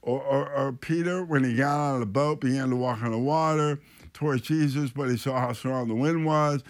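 A man, a priest hosting a radio show, teaching on scripture in an animated storytelling way and thinking aloud as he goes. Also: medium pitch, moderate pace.

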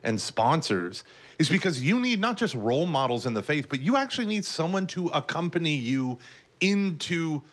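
A man with a Texas accent, a guest minister answering interview questions in a lively, chatty way with frequent laughs. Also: on the high side. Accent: Texan. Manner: animated, laughs often, quick asides. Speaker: guest, parish ministry leader.

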